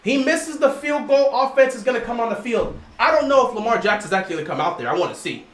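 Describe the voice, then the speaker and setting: Animated man streaming live game commentary. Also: very high voice, fast talker. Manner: animated, lectures the chat directly. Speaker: livestream host. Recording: roomy echo.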